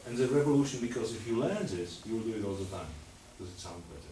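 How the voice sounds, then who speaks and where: A man's voice: fairly low pitch, expressive, fast talker, distant mic, background noise. Male string quartet coach, sings rhythms, heard from across a reverberant room. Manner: sings rhythms, repeats instructions. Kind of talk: master class coaching. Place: rehearsal room with musicians. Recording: roomy, from afar, music playing.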